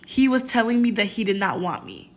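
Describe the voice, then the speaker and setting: A woman's voice: fairly high pitch, animated. Earnest woman telling a storytime over faint noise. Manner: measured, earnest, building emphasis. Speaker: storytime creator. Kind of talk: storytime vlog.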